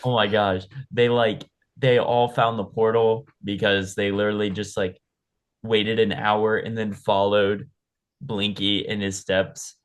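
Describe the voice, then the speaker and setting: A young man narrating an improvised comedy story with a fairly low voice. He rambles loosely, leaning on lots of "like"s and laughing along as he builds the scene. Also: little pitch movement, unhurried. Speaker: co-host.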